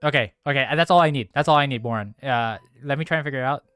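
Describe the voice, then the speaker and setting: A man's voice: mid-range voice, fast, fairly bright tone, clear, resonant tone, no room sound. Guy talking over a game, swears a lot, frustrated and rambly, dry close sound, faint music behind. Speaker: let's play gamer. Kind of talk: casual gaming commentary.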